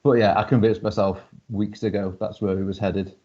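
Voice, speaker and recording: Low-voiced man, rambling podcast chat. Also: level tone. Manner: rambling, many restarts, quick to laugh. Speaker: podcast co-host. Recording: muffled lo-fi audio.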